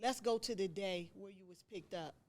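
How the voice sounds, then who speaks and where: A woman's voice: mid-range voice, moderate pace. A woman hosting a podcast, asking her guest questions in a playful, coaxing casual chat. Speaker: podcast host.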